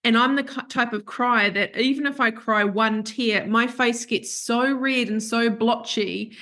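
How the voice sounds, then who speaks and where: Woman podcast guest, frank and lively, bright tense voice. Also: on the high side, measured pace. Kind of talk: casual podcast conversation.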